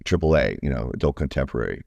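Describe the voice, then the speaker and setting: A baritone man from New York, a guest musician talking in a casual, rambling, enthusiastic way with many fillers. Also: animated, rapid-fire, vocal fry, darkish tone, dry recording. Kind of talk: casual interview chat.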